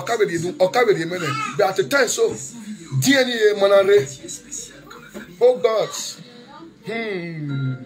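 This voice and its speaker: A man in an emotional monologue, switching between shouting, pleading apologies and snatches of song, with Pidgin mixed in. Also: high-pitched. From Nigeria. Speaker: social media commentator. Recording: faint music behind.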